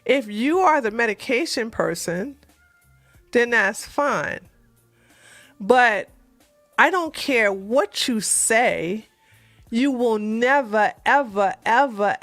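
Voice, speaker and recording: A woman's voice: a little high, a bit bright, no echo. A woman hosting an advice channel, telling a story to her viewers bluntly and animatedly, repeating herself for emphasis. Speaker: relationship advice channel host.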